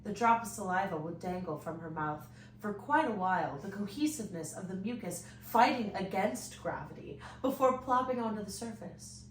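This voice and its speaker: A woman hosting a comedic read-aloud of fanfiction, animated and swearing as she reads to friends. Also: mid-range voice, moderate pace. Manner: animated reading, swearing, breaking up laughing. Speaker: host reading fanfiction aloud. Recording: echoey room, distant mic, faint noise.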